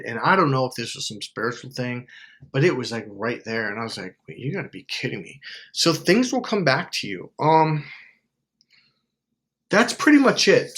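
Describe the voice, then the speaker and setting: Guy rambling self-help advice at the camera, animated, acts out little quotes, lots of restarts. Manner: animated, acts out quotes with sudden pitch jumps; rambling, with many fillers and restarts.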